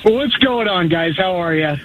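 A man's voice: high voice, lively intonation, measured pace, dull audio, slight background noise. A man in his fifties calling a sports radio show, telling a memory in a friendly, chuckling way. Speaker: caller. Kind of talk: phone-in call.

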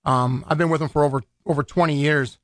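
A man's voice: on the high side, steady tone, fast talker, dry recording. A man, a boxing event organizer chatting loosely in a radio studio interview, full of restarts and fillers. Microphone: studio microphone.

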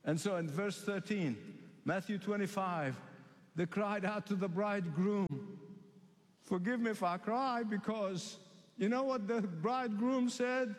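A man from the Middle East preaching a sermon, emphatic and repetitive, stretching key phrases slowly. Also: high voice, in a large hall.

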